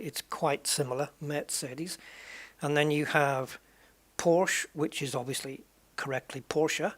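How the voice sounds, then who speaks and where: A man's voice: on the high side, vocal fry. A man hosting a gaming channel, chatting casually and rambling over a racing game, often trailing off and correcting himself. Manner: rambling, musing and self-correcting. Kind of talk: casual commentary while playing a racing game.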